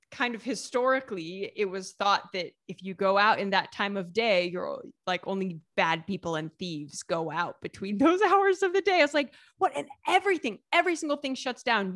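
A woman's voice: medium pitch, no echo, clean studio sound. Chatty American woman, laughing often. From United States. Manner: lively, laughs often, many fillers and restarts. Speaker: author and vlogger guest. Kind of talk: casual interview conversation.

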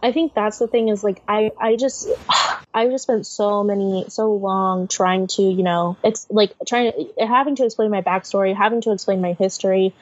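A woman comedian chatting as a podcast guest, telling stories in an animated way and swearing freely. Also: medium pitch, normal speed, dry recording. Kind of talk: casual podcast chat. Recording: dull lo-fi sound.

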